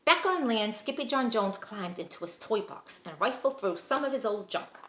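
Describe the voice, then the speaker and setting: A woman teacher reading a children's storybook aloud with expressive, animated narration. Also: medium pitch, normal speed, reverberant.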